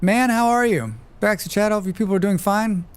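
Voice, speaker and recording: A man with a smooth, clear voice that sits a bit high for a man. He talks loosely and casually while he plays, answering viewers' chat and dropping the odd curse word. It sounds like a desk mic during a live game stream. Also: a little fast. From United States. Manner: loose and chatty, swears freely, laughs often. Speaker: livestreamer. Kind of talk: casual chat while playing, reading chat aloud.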